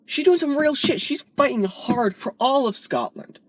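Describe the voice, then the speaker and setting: A woman's voice: sits high, animated, moderate pace, husky, dry recording. A woman vlogger delivering a heated, profane political rant, from the United States.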